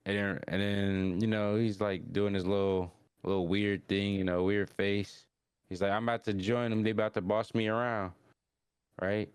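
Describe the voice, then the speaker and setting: Low-voiced man rambling through an anime recap. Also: flat delivery, moderate pace, clean tone, no echo, clean studio sound. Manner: rambling, acts out characters' lines in higher voices. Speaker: podcast host. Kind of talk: casual anime episode recap.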